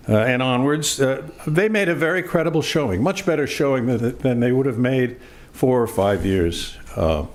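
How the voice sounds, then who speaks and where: This former U.S. diplomat, an older man, reflects during a panel discussion in a mid-range voice. He's measured and hesitant, often pausing with filler sounds.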